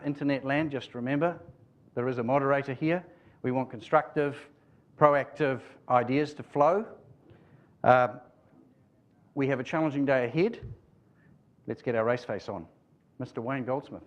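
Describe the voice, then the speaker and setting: A man's voice: mid-range voice, muffled recording. A man opening a conference and formally introducing the guest speaker. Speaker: conference host.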